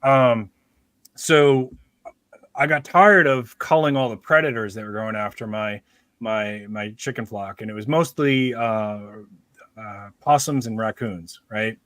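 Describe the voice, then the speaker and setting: A man's voice: on the low side, fairly even intonation, measured pace, fairly bright tone, no echo, clean studio sound. A man hosting a podcast, telling a rambling, joking story in casual chat with many restarts. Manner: rambling, self-interrupting, joking. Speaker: podcast host.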